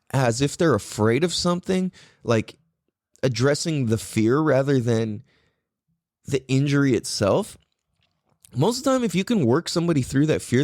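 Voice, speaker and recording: A man's voice: on the high side, no echo, studio quality. A man hosting a podcast, talking casually in a rambling way and swearing freely. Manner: animated, profane, rambling. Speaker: podcast host.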